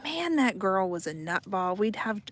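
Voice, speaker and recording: A woman's voice: medium pitch, sing-song, moderate pace, slight background noise. A middle-aged woman chatting casually to the camera while outdoors with her chickens, laughing often and repeating herself as she tells stories. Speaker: homesteading vlogger. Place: outdoors by a backyard chicken coop.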